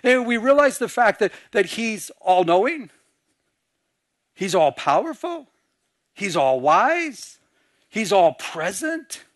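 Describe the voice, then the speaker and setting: A man with a fairly high voice preaches with animation, dropping into hushed voices as he acts out little scenes. The sound is dry and close, with no room around it. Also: very animated, takes it slowly, pauses often, no echo. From Michigan. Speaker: pastor. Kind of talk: sermon.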